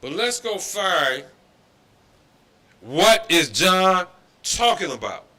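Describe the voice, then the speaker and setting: A man gives a scripture lecture in a preaching style, his voice pitched a little high and cutting bright and forceful. He talks emphatically, repeats himself, and tosses in mocking asides. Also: very animated, slow. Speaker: religious history class instructor. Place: Detroit.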